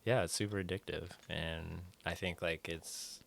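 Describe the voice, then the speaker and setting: A man chatting as a guest on a studio podcast, relaxed and thoughtful, with many fillers. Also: low voice, unhurried, creaky. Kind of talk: casual chat.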